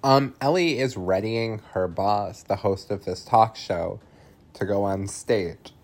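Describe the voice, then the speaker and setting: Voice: low voice, slow pace. A podcast host casually recapping a film, chatty and loose, full of fillers, laughing and swearing freely.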